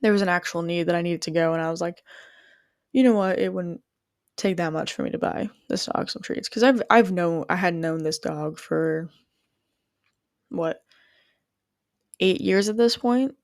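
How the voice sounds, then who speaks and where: Young woman musing in a gravelly voice. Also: lowish voice, normal speed, pauses often, no room sound, clean studio sound. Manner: rambling, heavy use of "like", frequent restarts. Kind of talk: reflective personal storytelling.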